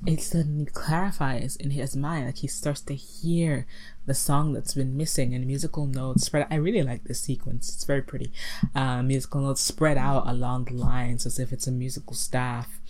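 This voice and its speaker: A woman's voice: extremely low pitch, normal speed. A woman casually retelling a movie plot, giggling often and filling with "like" and "um". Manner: giggly, animated storytelling with many fillers. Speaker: podcast co-host recapping a movie. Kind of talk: casual chat.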